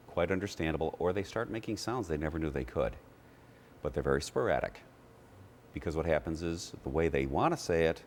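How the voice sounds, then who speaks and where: A man with an extremely deep voice explains singing technique as a TV guest, stopping now and then to demonstrate vowels. His speech is steady and explanatory. A faint hiss of noise sits under the recording. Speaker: voice teacher. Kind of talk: TV interview, explaining with sung demos.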